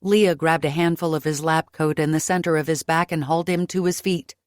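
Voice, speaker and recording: A woman narrating a fantasy romance audiobook in first person, with a lively delivery and close studio sound. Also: fairly quick, no room sound. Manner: lively, raising pitch for her own character's dialogue.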